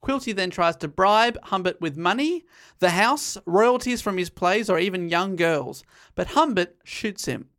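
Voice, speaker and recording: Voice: mid-range voice, animated, measured pace, few pauses, a bit bright. A podcast host casually recapping a novel's plot and reading out quotes, often laughing. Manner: recounts the plot with laughter, quoting passages. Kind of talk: casual chat and story recap.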